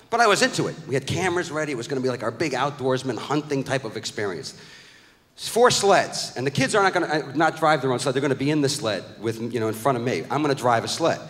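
A middle-aged man doing a stand-up comedy routine, telling a story with profane, animated outbursts. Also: mid-range voice. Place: live comedy venue with audience. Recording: echoey live hall recording.

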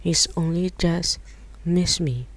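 A woman's voice: fairly low pitch, slow. A woman reading the lines of a timid, fretful earthworm who pleads and complains. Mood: pleading.

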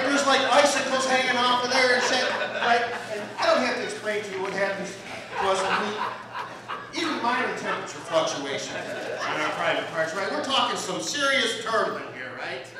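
A man in his late fifties with an American accent doing a crude stand-up comedy set, casual and punctuated with "right?". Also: extremely high pitch. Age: 50s. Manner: crude, conversational, keeps asking "right?". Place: comedy club stage with a laughing audience. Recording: echoey room, distant mic, crowd laughter.

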